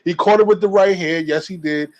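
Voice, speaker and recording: A man's voice: sits high, brisk, highs cut off. A man calling in to a casual boxing debate, talking with many fillers and restarts. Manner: hesitant, fillers, repeats himself. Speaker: caller giving boxing take. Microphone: remote call.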